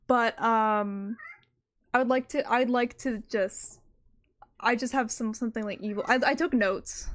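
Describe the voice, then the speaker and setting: A woman's voice: fairly high pitch, fairly even intonation, measured pace. A young woman chatting casually on her stream from her room, rambling and cutting herself off, with "like" in nearly every sentence. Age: young adult. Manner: rambling, self-interrupting, full of "like". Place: her own room at home.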